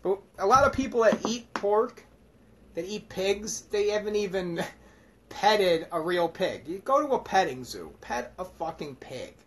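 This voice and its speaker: A man's voice: sits high, animated, measured pace, a bit bright. A man giving rambling, profane, joking commentary on scripture as a self-styled preacher. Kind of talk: irreverent comedic scripture commentary.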